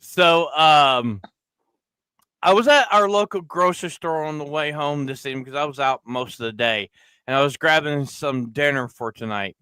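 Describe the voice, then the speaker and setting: A podcast host tells a rowdy, profane story about his day. His voice sits high and bright, smooth and clear. It is recorded close on a dry mic. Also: moderate pace, no room sound. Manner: loud, crude, animated storyteller, acting out quoted voices. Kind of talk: casual storytelling chat.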